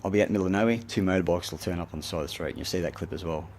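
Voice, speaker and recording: A man with an Australian accent rants in a long, self-recorded monologue, swearing often and jumping from point to point. His voice sits very low, and a faint hiss runs underneath. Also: very fast, a little mellow. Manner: profane, agitated, rambling ranting. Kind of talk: rambling monologue.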